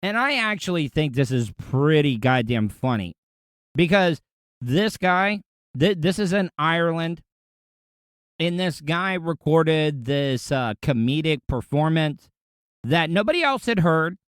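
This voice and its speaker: A man talks through a casual monologue in a smooth, clean voice that sits a bit high. The sound is close and dry, and he speaks bluntly and candidly. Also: expressive, unhurried, no room sound. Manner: blunt, profane, candid storytelling. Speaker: podcast host.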